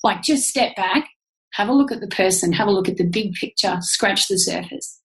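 Her medium-pitched voice moves at a moderate pace through a low-quality recording. She is an Australian podcast guest giving candid interview answers, sincere and full of feeling, with strong emphasis.

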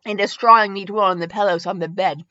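A woman's voice: mid-range voice, steady tone, quick pace, pushed and bright, no room sound. A woman podcast host doing a mock-dramatic comic reading of fan fiction, spelling some words out letter by letter. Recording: dull dry lo-fi recording.

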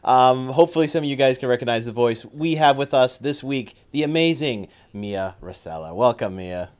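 A man hosting a podcast in casual chat, relaxed, often repeating words as he talks. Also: medium pitch, normal speed, smooth. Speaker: podcast host.

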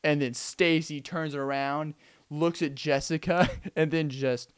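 Young man, podcast host, casual storytelling, rambling, animated, acts scenes out, highish voice. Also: normal speed, clear, resonant tone.

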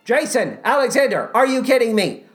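A woman's voice: fairly high pitch, sing-song, brisk, faint music behind. A woman podcast host giving sarcastic, theatrical comedic commentary on a musical recording.

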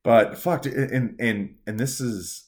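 A man's voice: medium pitch, takes it slowly, darkish tone. Podcast co-host, young adult man, loose and sarcastic delivery with frequent swearing. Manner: rambling, profane, sarcastic. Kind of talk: casual chat.

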